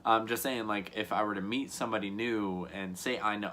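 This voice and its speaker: A man's voice: fairly low pitch, fairly even intonation, a little fast, noisy background. A young man telling a casual storytime vlog to camera, rambling and earnest, full of "like" and "you know what I mean". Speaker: YouTuber.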